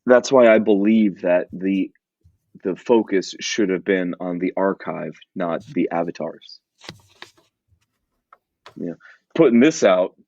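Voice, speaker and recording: A man with a fairly low voice co-hosts a casual podcast. He rambles and restarts his sentences, with fillers everywhere. The sound is dry and slightly muffled. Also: a little mellow, no room sound. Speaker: podcast co-host.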